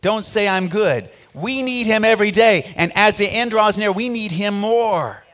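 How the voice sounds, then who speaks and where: A middle-aged pastor preaching a sermon, with sharp rises and drops in volume and call-and-response with the congregation. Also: male voice, high-pitched, moderate pace.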